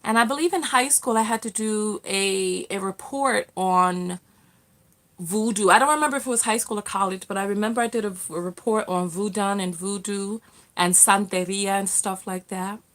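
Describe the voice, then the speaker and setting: A woman's voice: medium pitch, moderate pace, a bit bright. A middle-aged woman hosting a casual livestream, reading out viewer comments in a chatty way with lots of fillers and restarts. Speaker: livestream host, self-love coach.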